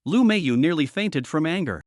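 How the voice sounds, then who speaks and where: A man's voice: a little high, animated, moderate pace, no room sound, studio quality. A man narrating a comic story recap in a scripted, dramatic storytelling style.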